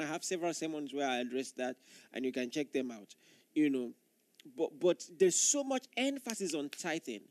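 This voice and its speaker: A male pastor delivers an earnest sermon in a fairly high voice, pressing his points by repeating phrases. The sound is dry and close, with no room echo. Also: darkish tone.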